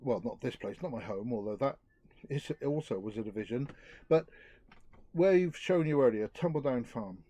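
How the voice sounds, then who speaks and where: A middle-aged man giving an earnest outdoor talk to a youth group, reflective and lively. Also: mid-range voice, moderate pace. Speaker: youth speaker.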